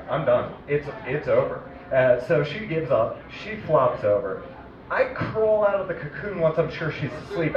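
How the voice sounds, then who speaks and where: Young male stand-up, lively rambling storyteller, distant mic, roomy club, audience audible. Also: a little high, dull audio. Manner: animated, rambling with fillers. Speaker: stand-up comedian. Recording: roomy live venue, distant mic, crowd.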